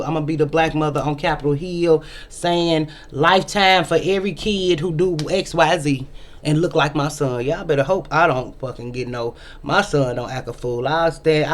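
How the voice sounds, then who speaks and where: A woman's voice: sits low, slight background noise. A middle-aged woman talks straight to her viewers in an opinion vlog. Her delivery is emphatic and ranting, and she repeats her points for effect. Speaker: vlog host.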